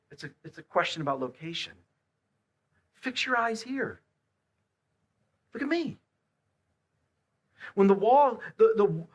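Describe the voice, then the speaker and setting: A man preaching a sermon, swinging between hushed, quiet lines and loud, emphatic repeated questions. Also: high-pitched. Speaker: pastor.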